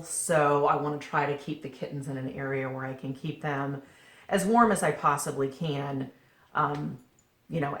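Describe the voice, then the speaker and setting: A woman chatting jokily to the camera as a vlogger, at home in her family room. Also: low-pitched. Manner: chatty, jokey, talks to the camera and her cats. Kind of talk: casual chat. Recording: echoey room, faint noise.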